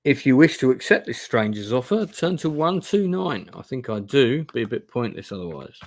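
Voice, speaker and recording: A man's voice: medium pitch, sing-song, moderate pace, no room sound, studio quality. A man hosting a live gamebook playthrough, reading aloud and making chatty, self-deprecating asides. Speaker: host playing a gamebook live. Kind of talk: casual live-stream narration. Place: indoor room.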